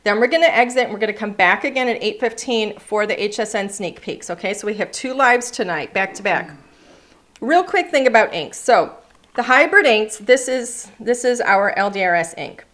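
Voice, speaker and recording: A woman's voice: medium pitch, animated, normal speed, a bit bright. A woman hosting a live card-making class, chatty and upbeat, greeting viewers by name as she demonstrates. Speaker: craft class host. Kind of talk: live-streamed craft demonstration. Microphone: overhead camera setup.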